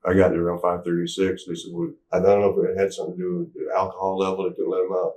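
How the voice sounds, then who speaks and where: A man's voice: low-pitched, monotone, racing, a little mellow. A middle-aged man telling a rambling, stop-start story in a candid interview. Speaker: interview guest. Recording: echoey room, distant mic.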